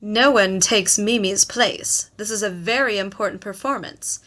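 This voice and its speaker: A woman's voice: medium pitch, unhurried, fairly bright tone, natural voice. A woman voicing a domineering, controlling middle-aged mother in an audiobook.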